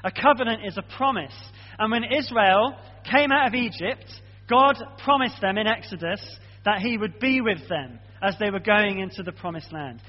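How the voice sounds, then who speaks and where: A man's voice: high voice, animated, normal speed. A man preaching a sermon in an earnest, conversational way, often checking in with his listeners. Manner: earnest, conversational, frequent "okay?" check-ins. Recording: muffled sound with long hall reverb.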